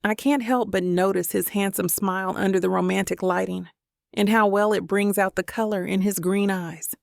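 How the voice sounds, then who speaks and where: A woman narrating a first-person romance audiobook in a gentle, intimate way on a close mic. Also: mid-range voice, fairly even intonation, moderate pace, gravelly, no echo.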